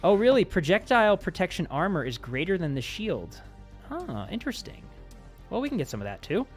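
A man's voice: high voice, big pitch swings, fairly quick, soft background music. A man hosting a casual game session, upbeat and explaining the game mechanics as he plays. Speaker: host and map maker. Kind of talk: casual gameplay chat.

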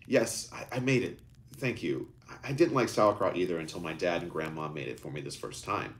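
A man playing a shy young man in a storybook reading. He speaks softly, pausing and restarting his words. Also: low-pitched.

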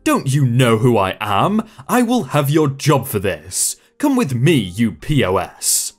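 An entitled middle-aged woman customer, demanding and indignant, as a male narrator puts her on. Her lines swing up and down in pitch with real liveliness. Quiet music plays under the reading. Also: big pitch swings, measured pace, husky, exaggerated voice.

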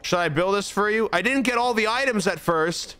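A man's voice: sits high, fairly quick, bright, forceful tone, smooth, soft background music. A young man streaming a game, talking through it in a rambling, exasperated, self-mocking way. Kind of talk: casual gameplay commentary.

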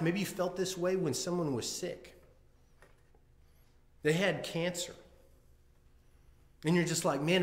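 In an echoey room, a man with a slightly high voice preaches a sermon. His pastoral delivery is earnest and conversational, with frequent restarts and heartfelt quotes that he acts out.

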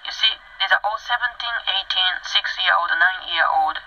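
A woman's voice: lowish voice, normal speed, bright, forceful tone. A woman vlogger reads a news story aloud and keeps cutting in with blunt, combative remarks, heavy on swearing. She often drops into a whisper. The sound is muffled and lo-fi, with a close, dry feel and no room echo. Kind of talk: reading a news article aloud with ranting commentary.

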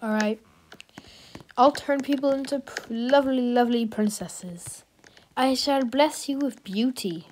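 A woman's voice: a little high, measured pace, background noise. A woman playfully narrating a video game she is playing, breaking into sudden yelps and screams. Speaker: gaming video creator. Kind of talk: let's-play commentary.

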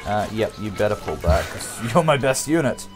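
A man's voice: on the low side, lively intonation, moderate pace, soft background music. A man giving casual, jokey gameplay commentary, rambling and talking straight to his viewers. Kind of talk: casual let's-play commentary.

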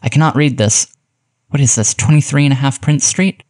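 A man's voice: mid-range voice, a little fast, a little mellow, voice pushed up, lightly acted. A man reading aloud and voicing an anxious father who speaks in a strained, stalling way. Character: anxious father paying a ransom.

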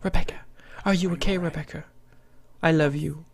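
A man giving profane, excitable let's play commentary as a gaming channel host, talking back to the characters. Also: a little high, normal speed, vocal fry.

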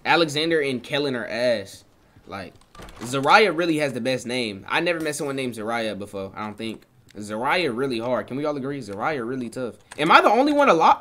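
A young man streaming a game, chatting casually with viewers in loose slang, joking and swinging between loud excited bursts and low mutters. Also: fairly quick. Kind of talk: casual live-stream chat while gaming.

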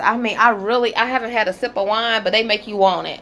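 A woman's voice: medium pitch, steady tone, fast, hardly any pauses, background noise. A woman hosting a gossip commentary channel, reacting to viewers with exclamations, laughter and disbelief.

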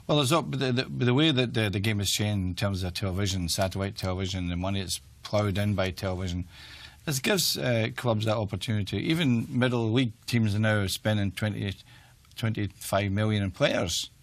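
An older man with a Glaswegian accent talks through his memories in a measured, reflective way, often restarting his sentences. His voice sits a little low in pitch. He speaks as an interview guest. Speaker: retired football manager, guest. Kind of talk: interview conversation.

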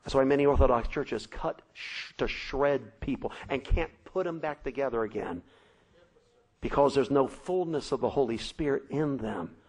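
A man preaching a sermon, telling a story dramatically with shouted sound effects. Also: medium pitch, moderate pace, poor audio.

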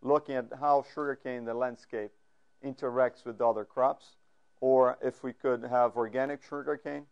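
A man gives a lecture at a mid-range pitch. He talks with frequent fillers and restarts. Now and then he turns to the audience with questions. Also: steady tone, moderate pace, smooth, highs cut off. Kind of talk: academic lecture. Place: lecture room.

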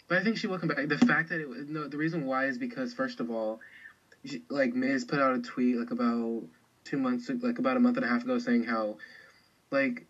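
A chatty man rambles through his opinions on a podcast, restarting his thoughts often. His voice is at a middle pitch. The recording sounds slightly dull and lo-fi. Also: steady tone, brisk, fairly bright tone. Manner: chatty, rambling, lots of fillers. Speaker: podcast co-host. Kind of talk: casual chat.

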